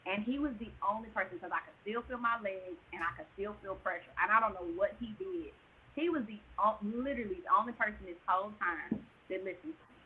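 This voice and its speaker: A woman telling an emotional birth story as a podcast guest, animated and sometimes near-shouting. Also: mid-range voice, fairly quick, slight background noise. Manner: animated, rises to near-shouts at tense moments. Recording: tinny phone line.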